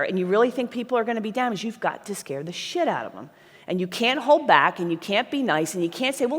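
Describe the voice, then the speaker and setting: Middle-aged woman sales trainer, live seminar, blunt and punchy, mid-range voice, big hall reverb. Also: mid-range voice. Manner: blunt, emphatic, talks to the audience with frequent "right?". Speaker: sales trainer speaking at a conference. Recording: long reverb of a large hall.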